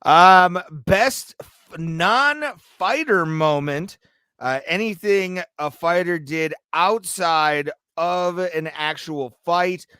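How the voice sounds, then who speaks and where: A man's voice: a little high, drawn-out words, bright, forceful tone, clear, resonant tone, no room sound, clean studio sound. A man co-hosting a podcast, chatting casually and profanely and laughing often. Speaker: podcast co-host. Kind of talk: casual chat.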